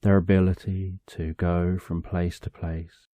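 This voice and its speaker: A man narrating a bedtime story for sleep, calm and drawn out, in short phrases with long pauses. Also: low voice, dry recording.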